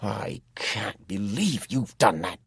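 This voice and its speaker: A hot-tempered young farmer bellows in a strained, raised voice, loud and forceful, as a deep-voiced man narrator plays him. His pitch climbs well above the narrator's own, and the storybook reading is dry and close. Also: lively intonation, slow pace, vocal fry, slightly rough, dry recording, full character voice. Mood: angry.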